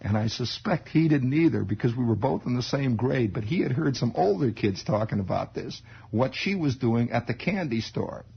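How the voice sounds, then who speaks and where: A man telling a childhood story in an animated, digressive radio monologue, chuckling as he goes, on a lo-fi 1960s radio broadcast. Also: medium pitch, moderate pace, vocal fry, hardly any pauses, breathy edge.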